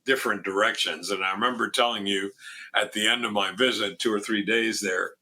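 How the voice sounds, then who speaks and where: Older man telling a lively story. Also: on the low side, a little fast. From Miami. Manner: animated storyteller, quotes others in raised voice, frequent restarts. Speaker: former foundation president, guest. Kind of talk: storytelling in a radio interview.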